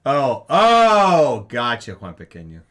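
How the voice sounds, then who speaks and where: A man's voice: mid-range voice, wildly swooping pitch, slow pace, fairly bright tone. A man co-hosting a live film discussion stream, chatting casually in a jokey, rambling way with frequent restarts. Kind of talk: casual chat.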